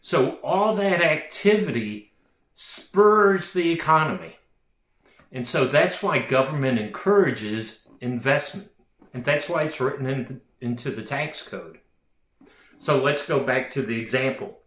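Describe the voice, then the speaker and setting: A man who works as a real estate agent explains a topic in a measured, plain-spoken way with frequent fillers. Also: medium pitch, lively intonation, fairly bright tone, roomy sound. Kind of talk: explanatory talk to camera.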